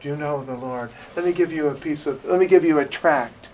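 A man putting on a prim British gent with a soft, quiet voice. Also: a little high, fairly quick, lo-fi sound, lightly acted. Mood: prim, polite. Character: overly polite British gentleman handing out tracts. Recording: voice from far off, faint noise.

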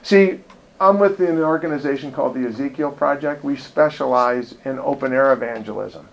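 A man's voice: medium pitch, moderate pace, vocal fry, dull audio. A man preaching as an evangelist in a folksy, digressive, joking way, speaking to a congregation. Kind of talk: sermon. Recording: distant voice, faint noise.

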